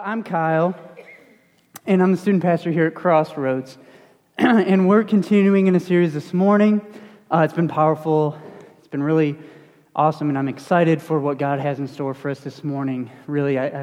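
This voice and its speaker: A young man delivers a relaxed, talky sermon as student pastor, his voice sitting a little high for a man. His speech is animated and self-deprecating. The church hall gives it a long, ringing tail. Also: moderate pace, highs cut off. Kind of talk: casual sermon with stories. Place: church sanctuary.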